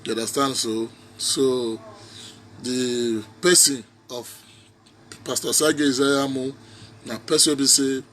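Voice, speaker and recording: A man's voice: mid-range voice, steady tone, slow pace, long pauses, a bit bright, a little hiss or hum. A man with a Nigerian Pidgin accent giving a preachy, repetitive, mocking political rant in a casual vlog. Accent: Nigerian Pidgin English speaker. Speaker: social media commentator.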